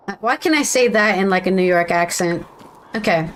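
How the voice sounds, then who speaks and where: A woman's voice: on the low side, a little fast. A woman streamer chatting casually while playing a detective game and reading its dialogue aloud. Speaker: gaming streamer. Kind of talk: casual let's-play commentary.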